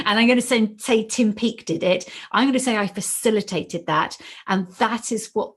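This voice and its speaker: A woman's voice: mid-range voice, moderate pace, few pauses, slightly rough. A British woman in her late forties, a podcast host and former teacher, telling stories in an earnest, emotional way and repeating herself for emphasis. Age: 40s. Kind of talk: podcast interview storytelling.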